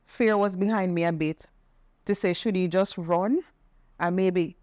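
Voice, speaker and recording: A middle-aged woman, telling a personal testimony in conversation, earnest and animated when she quotes others. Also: fairly low pitch, measured pace, dry recording, clean studio sound. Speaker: podcast guest sharing testimony.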